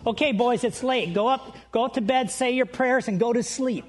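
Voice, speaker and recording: A man's voice: very high-pitched, moderate pace. A man quoting a grandmother telling two boys to go to bed in a sermon story. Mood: instructing.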